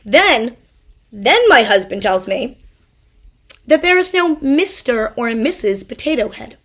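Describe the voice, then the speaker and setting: A woman's voice: fairly high pitch, expressive, a little slow, fairly bright tone. A young woman hosting a mom podcast, ranting in an exasperated way, stumbling over repeated words and swearing. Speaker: podcast host. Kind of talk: ranting monologue.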